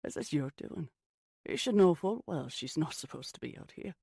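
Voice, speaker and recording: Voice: medium pitch, animated, moderate pace, creaky, warm tone, husky, no echo, studio quality. An audiobook reader voicing a frustrated young man with a Scottish accent, a vet and stable hand who scolds and worries. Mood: exasperated. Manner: exasperated, scolding.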